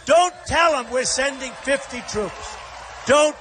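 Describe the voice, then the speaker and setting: A man's voice: very high voice, measured pace, fairly bright tone, raised voice, a little hiss or hum. A man giving a campaign rally speech, combative and repetitive, talking straight to the crowd. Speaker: political candidate. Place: large rally venues.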